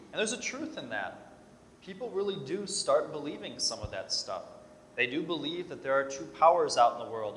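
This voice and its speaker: A man preaches to his congregation in a loose, storytelling way, acting out the voices of the people in his stories. His voice is bright and forceful. It rings through a large echoey church with a long reverb tail. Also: mid-range voice, slight background noise. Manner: storytelling, acts out quoted voices, conversational. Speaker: Catholic priest. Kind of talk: sermon.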